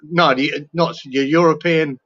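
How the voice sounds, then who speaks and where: A man's voice: a little high, steady tone, a little slow, fairly bright tone. A man on a casual fan chat show, explaining at length with eager restarts. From Australia. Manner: enthusiastic, rambling with restarts. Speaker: co-host. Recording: dull lo-fi remote line.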